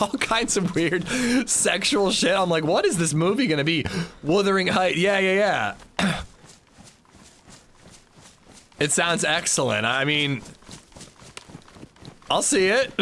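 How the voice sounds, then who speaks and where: A man talks his way through a game livestream in loose, rambling chat with casual swearing. His tone is bright and forward, and his pitch rises and falls with a lot of life. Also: slight background noise. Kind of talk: casual gameplay commentary.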